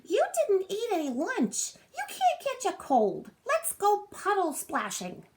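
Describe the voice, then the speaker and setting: A woman voicing a cheerful, playful young male squirrel in a storybook read-aloud, very high and teasing. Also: wildly swooping pitch, takes it slowly, darkish tone, heavily acted.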